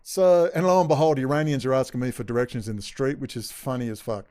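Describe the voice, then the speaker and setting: A man's voice: mid-range voice, fast, warm tone. A man from Australia, telling a rambling, profane, agitated story straight to camera. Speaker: vlogger.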